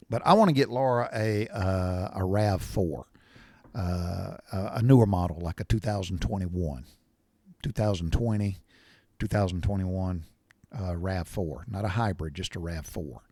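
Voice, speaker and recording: A middle-aged man, telling a rambling, blunt story in a casual monologue and often clearing his throat. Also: deep voice, unhurried, mellow, dry recording. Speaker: podcast host.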